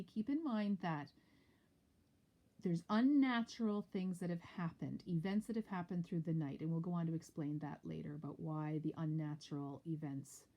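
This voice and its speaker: A woman's voice: lowish voice, darkish tone. A woman teacher explaining a play in a lecture, with chatty, explanatory asides. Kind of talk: lecture with read-aloud play.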